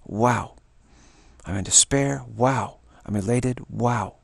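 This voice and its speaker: A man leading a spoken meditation practice, repeating the same word again and again between short phrases in an unhurried, musing way. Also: medium pitch, gravelly, breathy edge, no echo. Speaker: meditation teacher.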